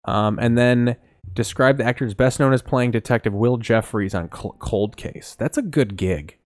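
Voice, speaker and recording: A man's voice: medium pitch, normal speed, darkish tone, dry recording. Blunt, profane man co-hosting. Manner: blunt, profane, reads off facts. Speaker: podcast co-host. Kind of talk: casual chat.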